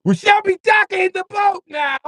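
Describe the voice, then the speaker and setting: A man putting on a pompous, shouting British ship crier in a mock-posh voice as a livestream joke. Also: very high voice, normal speed, no echo, pitched above the performer's own voice. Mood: proclaiming. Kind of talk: livestream joking.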